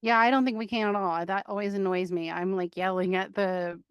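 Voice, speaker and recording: A woman's voice: mid-range voice, fairly even intonation, a little fast, smooth, no echo, lo-fi sound. A woman co-hosting a podcast, speaking in an emphatic, agreeing manner in casual conversation. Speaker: podcast co-host. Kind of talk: casual chat.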